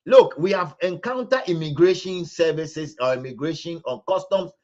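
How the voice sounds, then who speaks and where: A man's voice: on the high side, moderate pace, a little mellow, highs cut off. A man with a Ghanaian accent hosting a live commentary stream, repeating himself and stumbling over restarts as he builds to indignant emphasis. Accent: Ghanaian English. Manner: repetitive, stammering restarts, rising to indignant emphasis. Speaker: livestream host.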